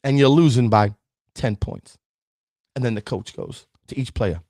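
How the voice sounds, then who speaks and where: Middle-aged male podcast host, emphatic motivational talker, slightly raspy, dry booth. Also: medium pitch, unhurried, darkish tone, no room sound. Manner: preachy, emphatic, addresses listeners directly. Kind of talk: motivational talk.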